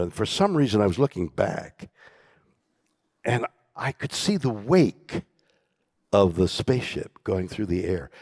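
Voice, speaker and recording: An older man telling a story as a keynote guest on stage, theatrical, dropping from loud bursts into hushed whispers. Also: medium pitch, gravelly, no room sound, clean studio sound. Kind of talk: dramatic storytelling conversation. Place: conference stage.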